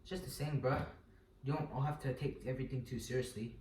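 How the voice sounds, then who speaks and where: A man's voice: mid-range voice, fairly even intonation, fast, darkish tone. A man hosting a comedic skit in his house, pushy and mock-outraged. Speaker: video host. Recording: roomy, from a distance, with background noise.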